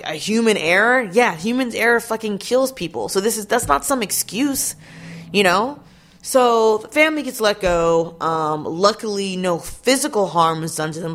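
A woman in a casual vlog, talking straight to her viewers about a news story. She is blunt and indignant and swears freely. Her voice sits at an ordinary middle pitch. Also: a bit bright. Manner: chatty, addresses viewers directly.

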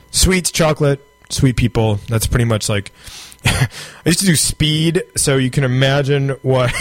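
A man's voice: a little high, dry recording. A man hosting a freeform radio show, talking in a rambling, jokey way with many fillers. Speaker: radio host. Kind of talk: rambling casual monologue. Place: radio studio.

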